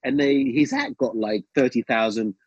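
A man's voice: mid-range voice, normal speed, slightly rough, no echo, lo-fi sound. A man telling a long anecdote in casual conversation, with many ums and restarts. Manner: rambling, many ums and restarts, lively quoted asides. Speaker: guest. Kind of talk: casual storytelling.

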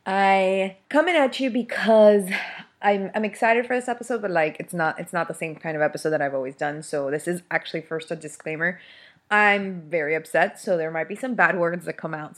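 A woman's voice: fairly low pitch, a little fast. A woman in her thirties hosting a casual solo podcast, venting in a heated way with many fillers and restarts. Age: 30s. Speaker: podcast host.

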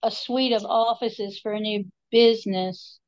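A woman's voice: on the high side, steady tone, unhurried, darkish tone. A middle-aged woman co-hosting a podcast, telling stories in a casual, wry, self-mocking way. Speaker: podcast co-host. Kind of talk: casual chat. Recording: dull lo-fi sound.

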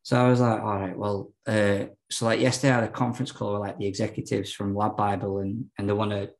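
A man's voice: lowish voice, little pitch movement, fast talker, vocal fry, poor audio. A man, a podcast guest telling his story candidly, rambling with lots of fillers and restarts.

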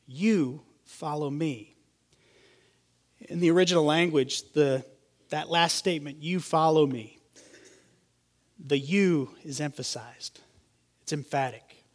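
A pastor preaches to his congregation in a steady, explanatory manner. His voice sits a little high for a man. He slows down and lands firmly on the key phrases. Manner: measured expository preaching, slowing for emphasis. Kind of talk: sermon.

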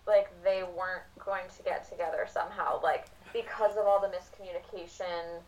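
A woman's voice: fairly low pitch, steady tone, normal speed, a little mellow, distant mic, dull audio, slight background noise. A woman co-hosting a casual book discussion, thoughtful and rambling, with lots of "like"s. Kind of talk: casual chat. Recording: voice a bit off-mic.

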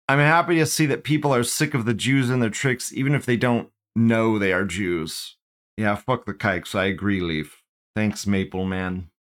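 A man's voice: medium pitch, a bit bright. A man in his thirties hosting a casual live commentary show. He swears a lot, laughs often, and drags out mocking words. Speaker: livestream show host.

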